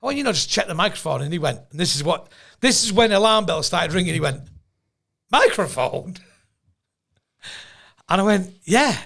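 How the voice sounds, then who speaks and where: A man's voice: high voice, fairly quick, gravelly, pauses often. A man telling comic stories on a podcast, laughing often and doing voices for the people in them. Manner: animated anecdote-telling, laughs often, mimics voices in quotes. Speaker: podcast co-host, comedian. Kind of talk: casual storytelling chat.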